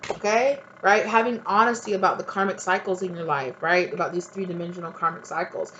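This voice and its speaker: A woman's voice: lowish voice, steady tone, a little fast, a bit bright, dull audio, a little hiss or hum. Blunt, swearing tarot reader woman. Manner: blunt, emphatic, swears freely; talks straight to the viewer, often adds "right?". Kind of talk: casual spiritual advice monologue.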